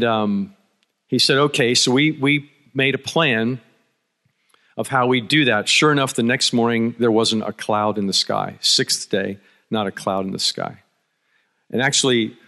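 A man's voice: mid-range voice, a bit bright. Male conference speaker from Philadelphia, mid-range voice, wry storyteller who restarts often, long hall reverb. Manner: anecdotal, wry humor, frequent restarts. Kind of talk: storytelling talk.

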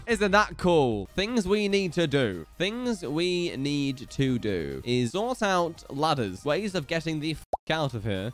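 A man commentating his own gameplay in a high, very lively voice. He talks with an excitable, jumpy energy that tips easily into frantic begging and giggles. Faint music plays behind him. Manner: excitable, swings into high panicked pleading and laughter. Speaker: gaming video creator.

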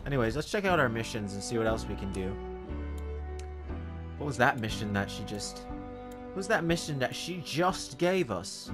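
A chatty man talking over his own gameplay, his pitch leaping around as he jokes and yelps at the game. He rambles to himself and cheers his small wins. Game music plays clearly behind him. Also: moderate pace, pauses often. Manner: chatty, jokey, talks to himself and the dog, excitable outbursts. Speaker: gaming video host. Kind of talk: casual gameplay commentary.

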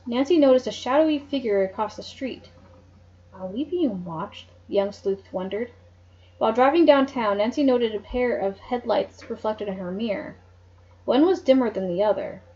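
A woman reads a mystery novel aloud at home and breaks off for chatty, joking asides. Her voice sits fairly high. The recording is dull and lo-fi, like a home microphone. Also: warm tone, husky. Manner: chatty asides, laughs at the story. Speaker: narrator. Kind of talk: reading a book aloud.

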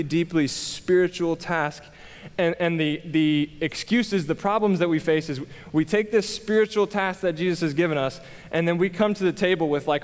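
A man's voice: fairly high pitch, long reverb tail. A young adult man preaching a candid, conversational sermon, self-deprecating and full of fillers and restarts. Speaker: pastor.

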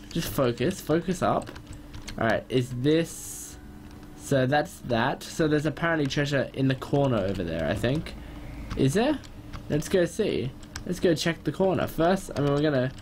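Excitable young man narrating gameplay. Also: slight background noise. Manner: excitable, quickly frustrated, jumps high when upset. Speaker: gaming channel host. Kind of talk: gameplay commentary.

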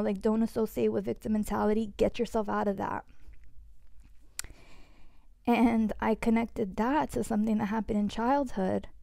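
A woman's voice: a little high, gravelly, mellow, no room sound, studio quality. A woman on a podcast, sharing reflectively and vulnerably with many "like" fillers. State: voice shaking with emotion. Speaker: podcast co-host.

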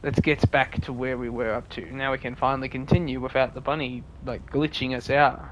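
A man giving jokey, swearing let's play commentary and reacting loudly to scares. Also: mid-range voice, flat delivery, brisk, slight background noise. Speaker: gaming video creator.

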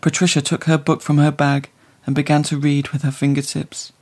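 Gravelly man narrating an audiobook. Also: on the high side, completely flat delivery, normal speed, a little mellow. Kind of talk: scripted narration.

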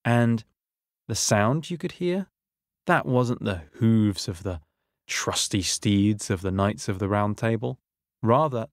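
A man voicing a calm, kindly old male king in a storybook, explaining in a measured way. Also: on the low side, dry recording, clean studio sound.

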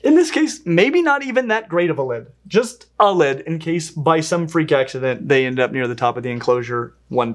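An enthusiastic pet channel host reviews a pet invertebrate in a casual vlog. The delivery is playful, with lively swings in pitch. The host talks fondly to the animal while handling it.

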